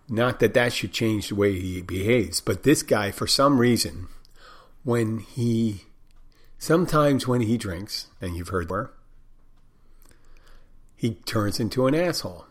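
An older man, a bartender, telling a story in a rambling, frank way, full of restarts and blunt words. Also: fairly low pitch. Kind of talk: casual storytelling monologue.

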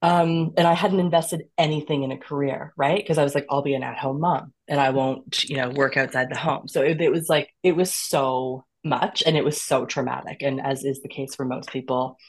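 A woman in her thirties with a low voice tells her own story as a podcast guest. She talks candidly and with animation, laughing often and slipping into lively quotes of her past self. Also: moderate pace, few pauses, slightly rough. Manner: animated and expressive, with frequent laughs and acted-out quotes of herself.

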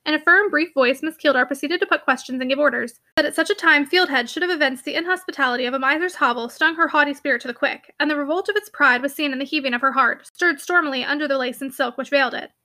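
A woman narrates a classic novel for an audiobook in a fluent, steady storytelling manner. Her voice is high and bright, and she reads at a quick pace.

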